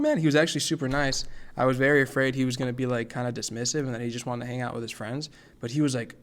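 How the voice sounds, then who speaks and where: A young man hosting his own podcast, chatting casually in a rambling, self-deprecating way and leaning on the word "super". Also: medium pitch. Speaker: podcast host. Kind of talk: casual solo chat. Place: New York area.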